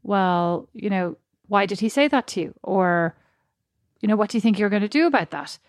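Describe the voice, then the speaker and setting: A woman who is a mother, co-hosting a casual chat and telling stories in an animated, frank way. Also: mid-range voice, normal speed, dry recording, studio quality. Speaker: podcast co-host.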